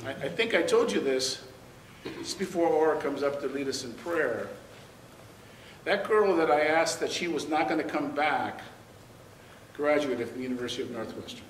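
A man's voice: a little high, moderate pace, long pauses, slight background noise. An older man teaching a church Bible class, telling personal stories with repeated words and laughter. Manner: animated storyteller who repeats words and laughs. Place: large church room. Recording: roomy sound from far off.

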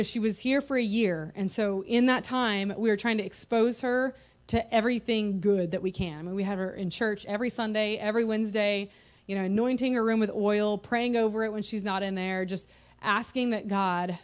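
A woman in her thirties giving an earnest, conversational personal testimony in church. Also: medium pitch. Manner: earnest, conversational, heartfelt storytelling.

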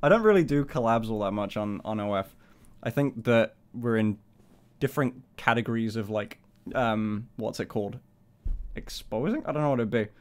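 A man's voice: on the low side, expressive, moderate pace, clear, resonant tone. A man in his twenties chatting casually on a live stream, swearing freely, laughing often and rambling in a self-conscious way. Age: 20s.

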